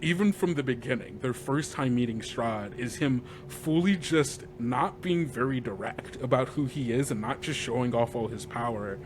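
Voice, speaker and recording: A man, a game master guest, retelling a tabletop campaign session in a lively, rambling way, often laughing and filling gaps with "like.". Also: mid-range voice, moderate pace, hardly any pauses, background noise. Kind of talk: animated storytelling recap.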